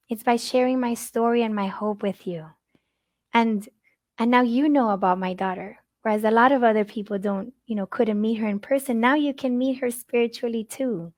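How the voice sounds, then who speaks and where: A middle-aged woman with Spanish as her first language speaks to a conference audience in earnest, heartfelt tones, often repeating a word while she finds the next one. Her voice sits a little high and sounds close and dry, with no room around it. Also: dry recording. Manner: earnest, repeats words when searching for them. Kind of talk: heartfelt inspirational talk.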